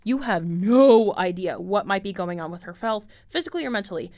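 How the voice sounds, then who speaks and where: A woman's voice: mid-range voice, animated, brisk, darkish tone. A young woman hosting a casual podcast, reading out online posts and reacting bluntly and sarcastically, swearing freely. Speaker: podcast host.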